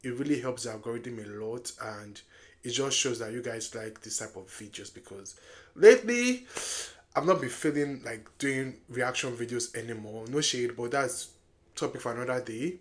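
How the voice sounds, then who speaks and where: A movie reaction vlogger chatting casually, talking back to the screen and shouting warnings at the characters. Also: mid-range voice, moderate pace. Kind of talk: casual live reaction to a film. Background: film soundtrack music playing.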